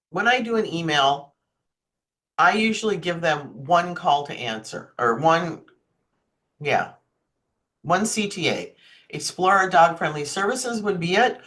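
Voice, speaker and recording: A woman's voice: lowish voice, fairly bright tone. A woman giving an online marketing workshop on a video call, chatty and often checking in with her listeners. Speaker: marketing presenter.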